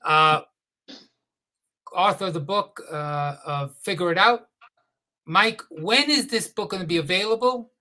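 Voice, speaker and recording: A man's voice: high voice, a little slow, long pauses, sharp tone. A man hosting an interview who reacts briefly and reads a sponsor message. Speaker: guest host.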